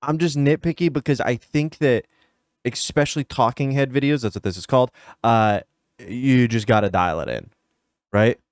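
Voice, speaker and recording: A man's voice: medium pitch, moderate pace, no echo, clean studio sound. A man streaming a casual reaction to a video, nitpicky and emphatic as he talks straight to his viewers.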